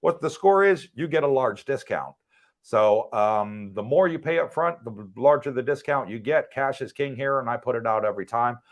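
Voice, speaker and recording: An American man at a middling pitch, co-hosting a relaxed livestream chat. He talks in an easygoing, conversational way, laughing lightly as he answers questions from viewers. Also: normal speed. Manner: relaxed, chatty, easy laughs. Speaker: livestream co-host. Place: condo in Thailand.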